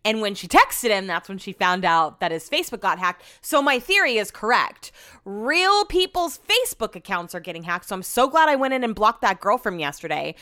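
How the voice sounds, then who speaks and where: A woman's voice: mid-range voice, very animated, normal speed, sharp tone. A young woman hosting her podcast, casually telling a long story, chatty and swearing often. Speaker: podcast host.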